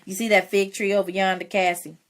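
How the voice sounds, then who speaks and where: A woman reading aloud, voicing a weary farmer father who speaks slowly and earnestly to his daughter. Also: low-pitched, little pitch movement, fairly bright tone. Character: weary Southern farmer father, gentle and steady.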